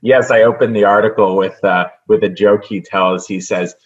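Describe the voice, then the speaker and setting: Radio interview guest, male, very low voice, earnest and measured, many fillers; dull lo-fi recording. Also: fairly even intonation. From United States. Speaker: state senate candidate guest. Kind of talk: radio talk show interview.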